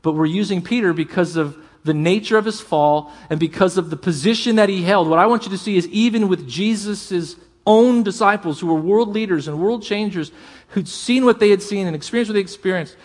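A pastor preaching a sermon, earnest and emphatic, often dropping to a hush. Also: male voice, sits high.

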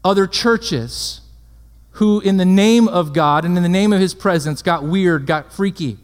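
At a measured pace, a man with a high-pitched voice delivers a sermon built on chains of rhetorical questions, constantly checking his listeners are with him. Long reverb carries his voice as though through a large hall.

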